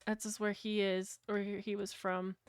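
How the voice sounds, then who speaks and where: A woman's voice: medium pitch, flat delivery, normal speed, clean tone, no room sound. A woman with a British accent, chatting casually and bluntly with her livestream viewers, rambling and swearing freely. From Britain. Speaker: streamer.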